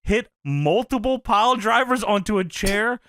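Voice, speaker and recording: A man casually recapping an old wrestling show, swearing freely, laughing often and loudly acting out the quotes. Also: sits high, lively intonation, normal speed, no room sound, studio quality. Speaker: podcast co-host recapping wrestling.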